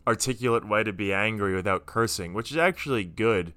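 A man's voice: on the low side, a little fast, bright, forceful tone, clear, resonant tone, no echo. A man in his twenties co-hosting a casual podcast, telling self-deprecating stories. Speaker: podcast co-host. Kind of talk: casual chat.

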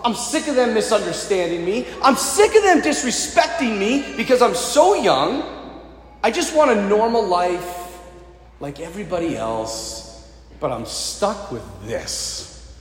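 A man's voice: very high-pitched, sing-song, moderate pace. A man voicing a frustrated young bishop, complaining in a whiny, fed-up way. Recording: echoey church hall reverb.

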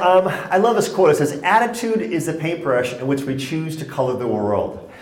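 Giving a funny public talk on stress, this Connecticut man has a mid-range voice with a roomy sound. His delivery is joking and animated, full of stories that get the audience laughing.

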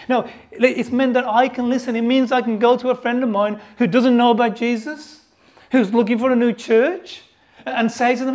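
A man preaching a sermon at a church service, lively and conversational, full of jokes and asides. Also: very high-pitched, moderate pace.

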